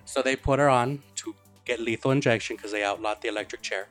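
A man's voice: mid-range voice, fast, a bit bright, soft background music. A man hosting a podcast, casually retelling a story with lots of swearing and quoted voices. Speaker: podcast host.

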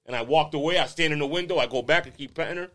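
Talking very fast in a high-leaning, fairly bright voice, a man co-hosting a casual podcast tells a long, sad story. He peppers it with swearing and keeps laughing throughout.

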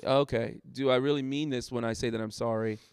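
A man's voice: mid-range voice, steady tone, a little fast, darkish tone, clear, resonant tone, no echo. A man, a pastor, talking candidly in a casual church discussion and laughing at himself as he tells stories.

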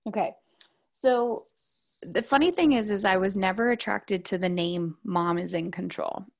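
A woman's voice: medium pitch, moderate pace, vocal fry. A woman in her thirties, a parenting coach, talking casually in a podcast interview and acting out quoted voices as she tells stories.

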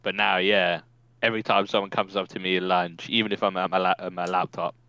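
Young man, low voice, bright tone, casual podcast chat, laid-back storyteller, swears a lot. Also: level tone, fairly quick, no echo, lo-fi sound. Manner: laid-back storytelling, swears often, laughs through stories. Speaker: podcast co-host.

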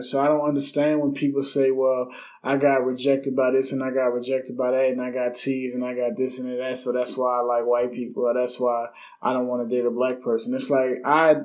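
Blunt young man, mellow solo podcast talk. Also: mid-range voice, rough recording. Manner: casual, blunt, swears freely, many fillers. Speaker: podcast host.

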